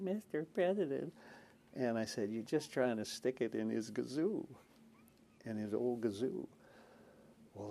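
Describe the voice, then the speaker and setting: Older man with a gravelly folksy voice. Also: lowish voice, darkish tone. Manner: folksy, anecdotal, chuckling, acts out quotes. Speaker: interviewee, former senator. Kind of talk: oral history storytelling.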